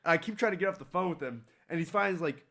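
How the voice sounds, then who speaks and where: Profane, animated young man telling a story. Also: a little high, rapid-fire, gravelly, over a noisy crowd. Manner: profane, animated, acts out quoted voices. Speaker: podcast co-host. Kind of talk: casual storytelling.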